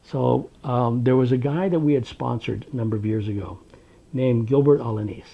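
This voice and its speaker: A man from Washington state tells his memories for an oral history, wry and unhurried, pausing on ums and uhs. His voice is husky with a gravelly rasp at mid pitch. The recording sounds dull and lo-fi. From Tri-Cities, Washington, USA. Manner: unhurried, wry storytelling with many fillers.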